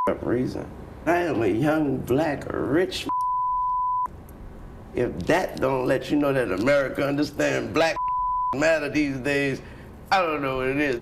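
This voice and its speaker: A man being interviewed on TV, blunt and dismissive in a slurred drawl. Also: medium pitch. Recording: noisy TV interview clip.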